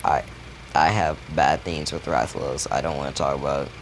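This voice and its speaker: A man voicing a young hero turned dragon who swears and answers in blunt, deadpan comebacks. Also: a bass voice, brisk, a little hiss or hum, voice pushed down.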